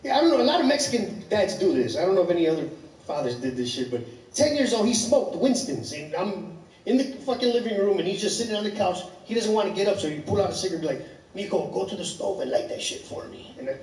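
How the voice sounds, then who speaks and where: A man, doing profane, rambling, animated stand-up storytelling. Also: high voice, quick pace. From Chicago. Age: 30s. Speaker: stand-up comedian. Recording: echoey club from far off.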